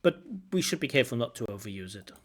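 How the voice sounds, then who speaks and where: An IELTS examiner reviews a recorded speaking test aloud, thinking as he goes and repeating words to model their correct pronunciation. His mid-range voice is expressive, fast and a bit bright.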